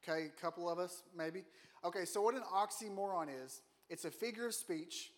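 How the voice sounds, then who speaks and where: A man's voice: high-pitched, brisk. A man giving a casual, joking sermon in a church, often putting questions to the congregation. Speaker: guest preacher. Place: church auditorium.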